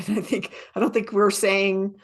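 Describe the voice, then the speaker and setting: A middle-aged woman co-hosting a podcast and training leaders, talking in a relaxed, candid way. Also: medium pitch, normal speed. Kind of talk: casual podcast conversation.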